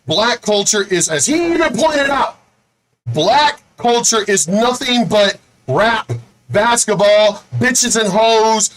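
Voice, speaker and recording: A man's voice: high voice, animated, slow pace, a bit bright, poor audio. A man hosting his own video, delivering an angry, profane rant with lots of repetition. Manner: says he is angry and fed up. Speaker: video host.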